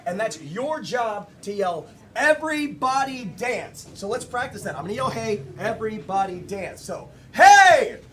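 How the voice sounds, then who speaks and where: A man's voice: high voice, lively intonation, normal speed, hardly any pauses. A man hosting a live improv comedy show, bantering and joking with the audience from the stage. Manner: upbeat, joking crowd banter. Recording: live room with crowd and noise.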